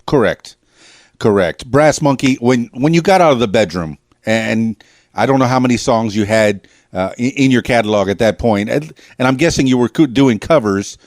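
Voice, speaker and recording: A man's voice: medium pitch, animated, normal speed, darkish tone, no room sound. A male podcast host with a mid-range voice who asks long, winding questions with open enthusiasm. His voice sounds close and dry, with no room around it. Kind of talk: casual interview.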